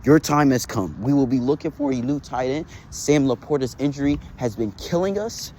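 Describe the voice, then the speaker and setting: A man's voice: medium pitch, lively intonation, normal speed, darkish tone, a little hiss or hum. A young man managing a fantasy league team, delivering a heated, mocking rant full of repetition. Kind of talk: casual trash-talk rant.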